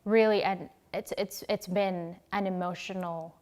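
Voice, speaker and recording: A woman from the Philippines, an actress in her thirties, talking in a casual interview in an animated, expressive way with frequent laughs. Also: lowish voice, unhurried. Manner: animated and expressive, laughs often, many fillers.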